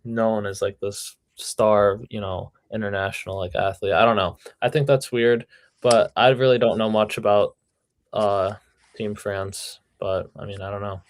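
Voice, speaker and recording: A young man co-hosts a casual podcast, hedging and filling his sentences as he goes. His voice sits a little low. The sound is dry and close. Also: flat delivery, measured pace, no room sound. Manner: hesitant, with lots of "like" fillers. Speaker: podcast co-host. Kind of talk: casual chat.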